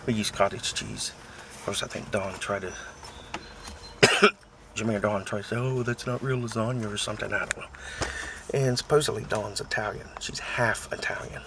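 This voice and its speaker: A man's voice: fairly low pitch, steady tone, normal speed, pauses often, whispered. An American man in his thirties, chatting casually and complaining in a rambling, mocking way. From United States. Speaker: vlogger. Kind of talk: casual chat.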